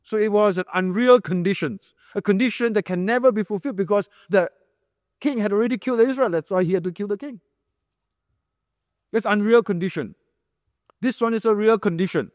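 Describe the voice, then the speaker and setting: A man's voice: sits high, animated, normal speed, no room sound, studio quality, long reverb tail. A male pastor preaching a sermon, emphatic, repeating key phrases and quizzing the room like a teacher. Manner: explains like a teacher, asks the room questions.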